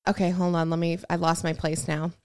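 A woman's voice: fairly low pitch, darkish tone. Giggly woman co-host reading messages. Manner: giggly, reads messages aloud then riffs on them. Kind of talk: casual podcast chat.

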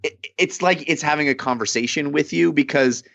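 A man's voice: a little high, fairly quick, vocal fry, fairly bright tone, no room sound, muffled recording. A man co-hosting a film podcast, chatting playfully and teasing his co-hosts. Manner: playful, laughs between lines. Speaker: podcast co-host. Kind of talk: casual film review chat.

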